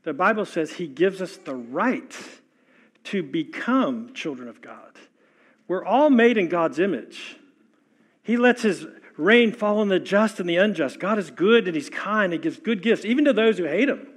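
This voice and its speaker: A man's voice: high-pitched, lively intonation, a little slow. A man preaching a sermon in a conversational way, asking the congregation questions and repeating key lines for emphasis. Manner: emphatic repetition. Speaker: pastor.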